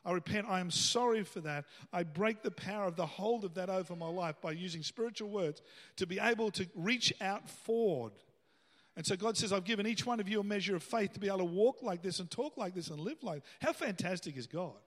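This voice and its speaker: Male pastor, high voice, casual sermon with emphatic peaks, reverberant church hall. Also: fairly quick. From Australia. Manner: conversational preaching, rising to emphatic bursts.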